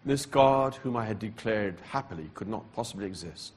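A man giving a dramatic personal testimony as a preacher, slow and deliberate with pauses, and coughing now and then. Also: on the low side, lively intonation, a little mellow, slightly rough. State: coughing repeatedly.

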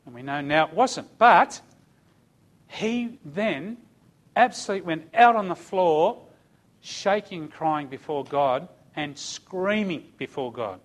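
A man's voice: on the high side, animated, slow pace. A middle-aged man telling a testimony in a sermon, emphatic and calling out amen and hallelujah. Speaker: church speaker giving testimony.

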